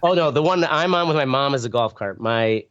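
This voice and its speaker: A man's voice: medium pitch, lively intonation, fairly quick, fairly bright tone, highs cut off, a little hiss or hum. Man, podcast co-host, casual chat, rambling, swears a lot, mimics voices in his stories. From rural Wisconsin farm upbringing. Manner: rambling, swears freely, acts out voices while telling stories.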